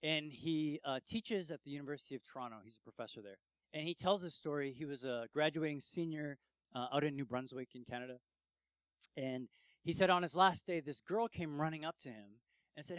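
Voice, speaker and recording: A man's voice: on the high side, a little fast, dry recording. A man preaching a sermon, telling stories and acting out quotes with emphatic rises. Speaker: pastor.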